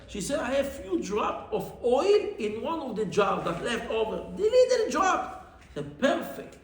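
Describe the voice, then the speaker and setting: High-voiced rabbi in an echoey room. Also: male voice, unhurried. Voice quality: non-native English, mixing in Hebrew terms. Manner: animated, cries out the widow's pleas in a high voice. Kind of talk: Torah class storytelling.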